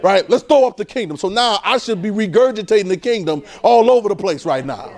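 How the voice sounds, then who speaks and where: A man preaching an informal, conversational sermon, repeating phrases and swinging between loud and soft. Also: sits high, animated, brisk.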